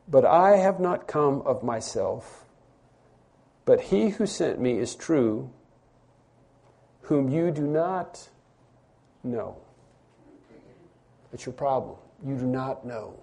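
A man preaching a sermon as pastor, emphatic, repeating phrases and rising to loud stresses. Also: medium pitch, expressive, slow pace, gravelly, pauses often.

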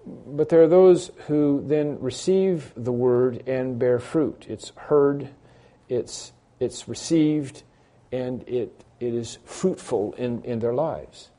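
A man's voice: mid-range voice, takes it slowly, warm tone. A man preaching an expository sermon in a conversational way, repeating key phrases for emphasis and poking fun at himself. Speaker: pastor.

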